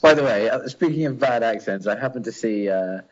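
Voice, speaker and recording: A man's voice: medium pitch, expressive, brisk. A man co-hosting a podcast, making dry, wry remarks and stumbling over his first words. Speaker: podcast co-host. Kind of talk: casual chat. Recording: dull lo-fi podcast audio.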